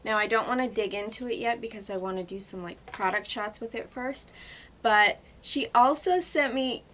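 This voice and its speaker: A young woman beauty vlogger chatting to camera in a gushing, excitable and emotional way. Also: a little high, moderate pace, a little hiss or hum. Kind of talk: casual chat to camera.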